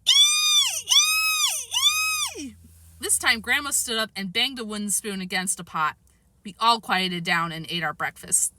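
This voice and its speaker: A woman reading a children's story aloud, expressive, with big jumps in pitch for the characters. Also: normal speed, a little hiss or hum. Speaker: audiobook reader.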